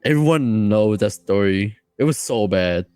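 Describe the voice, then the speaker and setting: رجل يروي قصة بحماس وثرثرة. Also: male voice, lowish voice, measured pace, smooth, no room sound, soft background music. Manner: rambling, excited, with many fillers and restarts. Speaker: podcast guest. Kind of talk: casual storytelling.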